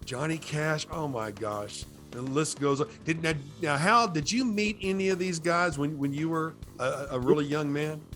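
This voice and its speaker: Upbeat male host, slightly high voice, faint music underneath. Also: moderate pace, hardly any pauses, fairly bright tone. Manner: upbeat, enthusiastic interjections. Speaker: show host. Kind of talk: casual interview.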